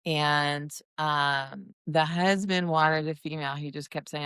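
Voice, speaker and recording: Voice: mid-range voice, fairly even intonation, a little slow, hardly any pauses, bright, forceful tone, clean tone, no room sound. A dog breeder telling stories in a casual, rambling chat full of asides. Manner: chatty and rambling, with many restarts and asides.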